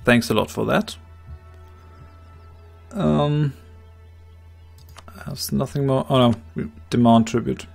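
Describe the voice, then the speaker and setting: A man with a slightly hoarse voice calmly explaining his moves, thinking aloud in a strategy game let's play. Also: medium pitch, slow pace, long pauses, faint music behind. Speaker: game commentator.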